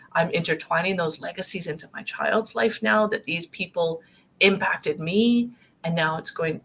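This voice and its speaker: A woman speaking gently and earnestly about grief from her own experience, in a conversational talk. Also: fairly low pitch, vocal fry, slight background noise. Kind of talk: conversational talk show discussion.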